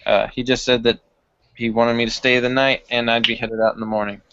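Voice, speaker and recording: A man's voice: mid-range voice, little pitch movement, a little fast, background noise. Easygoing male tabletop player. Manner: easygoing, hesitant. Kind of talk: casual game chat. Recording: dull dry lo-fi recording.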